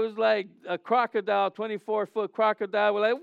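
A man delivers a sermon with a high, clear, smooth voice. He preaches conversationally, telling stories animatedly and often restarting his phrases. The sound is dry, with little room echo. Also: fairly even intonation, a little fast, few pauses, muffled recording. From Southern California. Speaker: pastor.

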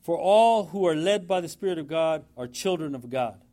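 Man preaching, fairly high voice, emphatic, repeats lines, church sermon. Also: expressive, moderate pace, mellow. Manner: emphatic, repeats phrases for effect.

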